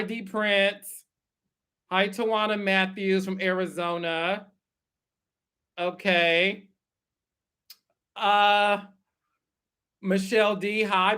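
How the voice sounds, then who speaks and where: A man's voice: sits high, pushed and bright, smooth. A man hosting a casual livestream, chatting and greeting viewers by name. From Texas. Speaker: host.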